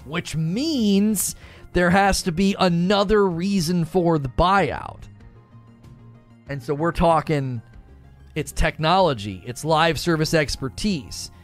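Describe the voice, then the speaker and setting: A man's voice: a little high, faint music behind. Rambling man hosting a live stream. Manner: rambling, quick asides, reads chat. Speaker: livestream host. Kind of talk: casual live-stream chat.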